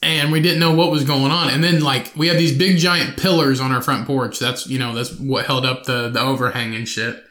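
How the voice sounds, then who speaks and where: A man's voice: mid-range voice, steady tone, moderate pace, hardly any pauses, bright, forceful tone, reverberant. A young man hosting a podcast alone, telling a rambling, profane story with lots of laughter. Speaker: podcast host.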